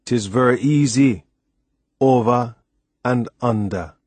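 A patient old Caribbean man with a lilt, as a male reader puts him on. He speaks softly and plainly, unhurried and set in his ways. It is a dry, close storybook recording. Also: mid-range voice, no room sound. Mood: gentle. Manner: soft, gentle, plain-spoken.

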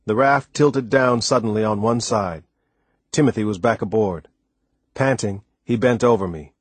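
A man narrating an audiobook in steady, first-person storytelling. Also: fairly low pitch, moderate pace, breathy edge, no echo. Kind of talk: scripted narration.

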